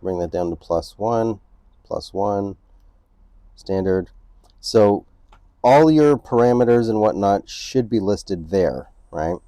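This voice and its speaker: A man's voice: fairly low pitch, lively intonation, slow pace, dark tone, no echo. A man hosting a casual camera tutorial at home. He explains each step and keeps checking in with the viewer by asking "right?". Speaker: photography channel host. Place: indoors at home near a couch.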